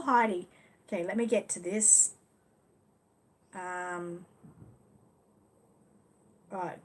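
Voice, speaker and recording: A woman's voice: fairly low pitch, steady tone, very slow, long pauses, slight background noise. An Australian woman hosting a casual live stream. She talks in a loose, chatty way, answering viewers as she goes. Her phrasing is full of easy fillers and friendly asides. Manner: chatty, leans on "you know" fillers. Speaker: livestream host. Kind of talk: casual live chat reading viewer comments.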